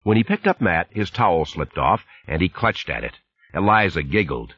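A man narrating an audiobook in a lively, expressive reading. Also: low-pitched, moderate pace, breathy edge, no echo, muffled recording. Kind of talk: scripted narration.

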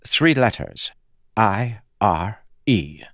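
A man voicing a frail, fading male god who speaks in halting, pleading phrases. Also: fairly low pitch, very animated, fairly bright tone, no room sound, studio quality, pitched above the performer's own voice, heavily acted. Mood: wistful.

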